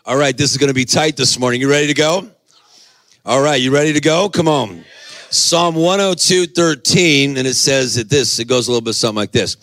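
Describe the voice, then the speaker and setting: A middle-aged male pastor preaching a sermon, telling animated stories and shouting at the high points. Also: brisk, no echo. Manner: animated storytelling, shouting at peaks.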